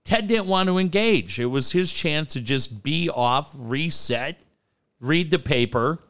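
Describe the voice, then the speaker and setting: A man telling radio stories in casual chat, profane and animated. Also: a little high, a little slow. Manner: animated, profane, mimics voices in anecdotes. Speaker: sports radio host.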